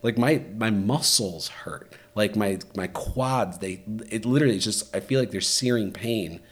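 A man hosting a podcast in casual chat, telling stories with lots of fillers and lively shifts. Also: lowish voice, normal speed, slightly rough. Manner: animated storytelling, many fillers. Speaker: podcast host.

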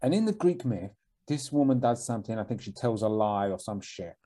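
A man's voice: fairly low pitch, animated, fairly quick, mellow. A young man with a Cockney accent, co-hosting a podcast in blunt, sweary, mumbly casual chat. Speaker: podcast co-host.

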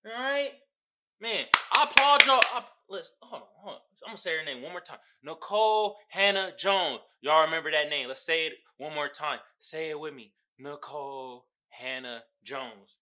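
A young man hosting a podcast, giving casual, profane, animated commentary straight to his listeners. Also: a little high, fairly quick. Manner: animated, loud, swearing, talking straight to listeners. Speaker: podcast host.

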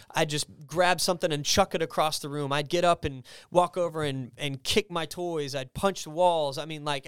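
A man in his thirties recounts a personal story in loose, chatty speech full of restarts, his voice sitting a touch high and sounding smooth and resonant. The sound is close and dry, with no room around it. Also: dry recording. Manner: animated, acts out quoted voices in a raised pitch; casual, filler-heavy with frequent restarts. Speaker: podcast guest.

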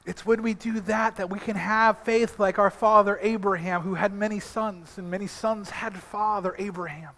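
A middle-aged man preaching a sermon as a pastor, telling animated stories that swing from quiet asides to loud exhortation. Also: sits high, normal speed, few pauses. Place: church sanctuary. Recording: long hall reverb.

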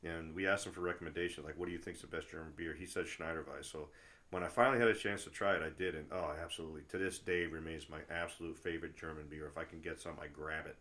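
A man's voice: very deep voice, steady tone, fast talker. A middle-aged man chatting casually as a travel vlogger, rambling through stories with lots of fillers and restarts and getting worked up when he rants. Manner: gets loud and worked up when ranting. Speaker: travel vlogger and tour guide. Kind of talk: casual chat.

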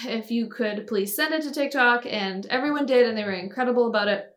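A woman's voice: on the high side, brisk. Echoey-voiced woman telling a story. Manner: animated storytelling, quoting others in voices. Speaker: guest telling her story. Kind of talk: casual podcast chat.

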